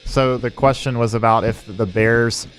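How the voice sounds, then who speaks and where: A man's voice: mid-range voice, steady tone, normal speed, clean tone, soft background music. A man co-hosting sports talk radio, hesitant and thinking aloud. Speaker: radio show co-host.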